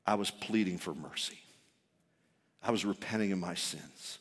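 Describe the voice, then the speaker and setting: A man preaching a sermon as a pastor, impassioned, swinging from loud shouts to soft, intimate tones. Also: lowish voice, normal speed. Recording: long hall reverb.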